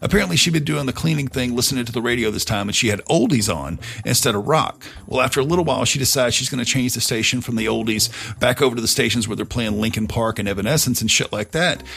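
A man's voice: medium pitch, lively intonation, fast, gravelly, fairly bright tone. A middle-aged man hosting a podcast, telling a story in a casual, profane, conversational way. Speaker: podcast host.

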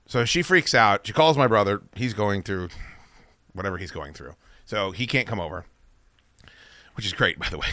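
A man hosting a podcast, telling a story casually and with lots of swearing, acting out his own shouts. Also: lowish voice, normal speed, pauses often, no echo, studio quality. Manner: profane, animated, acts out his own shouting. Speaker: podcast host.

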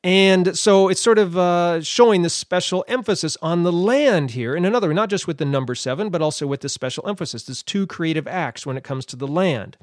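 A man's voice: sits high, animated, brisk, few pauses, no echo, clean studio sound. A man giving a Bible teaching, thinking aloud with fillers and restarts.

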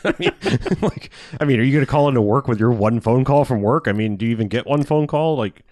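A man casually recapping a movie plot on a podcast, slipping into quick character voices and laughing as he goes. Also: mid-range voice, a little mellow, no echo, clean studio sound. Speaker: podcast co-host. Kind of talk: casual movie review chat.

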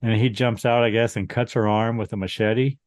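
A man's voice: on the low side, fairly even intonation, normal speed, darkish tone, no room sound. A man co-hosting a podcast, casually retelling a film's plot in a dry, wry way. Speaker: podcast co-host. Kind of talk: casual movie recap chat.

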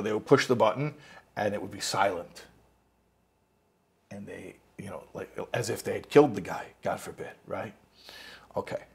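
This religious teacher's voice is on the low side, gravelly and slightly rough yet a bit bright. He delivers an informal lesson, telling the story in a wandering way, starting over at points and performing the quotations.

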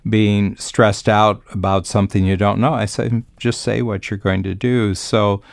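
Deep gravelly older man, confident. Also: level tone, unhurried, no echo. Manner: confident, storytelling, speaks in long reflective sentences. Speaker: business coach and podcast host. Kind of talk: conversational podcast talk.

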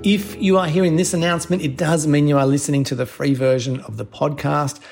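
A man's voice: on the high side, steady tone, a little fast, vocal fry, over music. A man hosting a podcast, reading promos and a guest introduction in an upbeat way. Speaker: podcast host.

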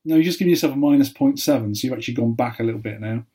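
A man hosting a playful quiz, teasing and deadpan. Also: medium pitch, racing, slightly rough. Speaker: podcast co-host, quizmaster.

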